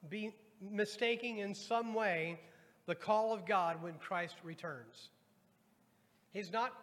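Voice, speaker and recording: A man's voice: high-pitched, a bit bright. A pastor preaching a sermon to his congregation, reading scripture aloud and addressing the people directly. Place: church sanctuary. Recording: long hall reverb.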